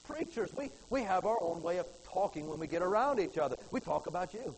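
Animated high-voiced male preacher. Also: a little fast, slight background noise, rough recording. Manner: folksy, animated preaching with big swings from loud to hushed. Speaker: pastor. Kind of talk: sermon. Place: church.

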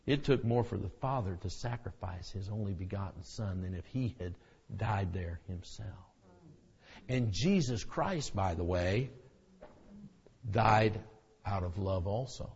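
A middle-aged male preacher giving a sermon, swinging between hushed near-whispers and loud shouted preaching. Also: sits low, a little slow, gravelly, husky. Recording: dull lo-fi recording with long hall reverb.

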